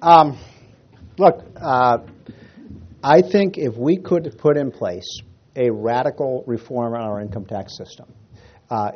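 Heard on a muffled recording, a man with a husky, medium-pitched voice talks politics to a crowd. He is a rambling, animated storyteller who restarts often, keeping things casual with jokes and stories.

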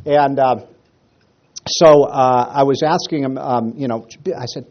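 A male speaker addresses a room, mixing jokes and anecdotes into his talk. He trips over words and fills pauses often, and his voice sits at an ordinary pitch. The recording is slightly dull. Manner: joking, storytelling, many fillers and restarts. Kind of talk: after-dinner speech.

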